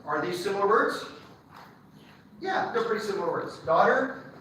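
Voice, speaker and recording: A man's voice: sits high, very animated, moderate pace, bright, forceful tone, far from the mic, slight background noise. A man lecturing a university class, chatty and enthusiastic, checking in with the students. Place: large lecture hall. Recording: very echoey lecture hall recorded from afar.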